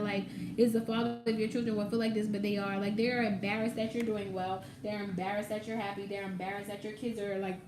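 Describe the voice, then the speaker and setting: A woman's voice: fairly high pitch, darkish tone, roomy sound, slight background noise, low-quality recording. Chatty woman giving a tarot reading. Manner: chatty, emphatic, swears casually, addresses viewer directly. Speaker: tarot reader.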